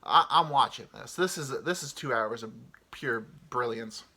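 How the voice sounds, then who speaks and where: A man hosting a comedy podcast, telling a travel story in a rambling, swearing, animated way. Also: mid-range voice, normal speed, husky. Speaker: podcast host.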